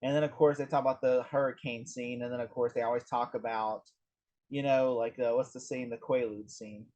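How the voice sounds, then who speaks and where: A man in a casual film discussion, retelling behind-the-scenes stories in a rambling, animated way with lots of fillers. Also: medium pitch, brisk. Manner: rambling, animated anecdote-telling with many fillers. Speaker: film review co-host.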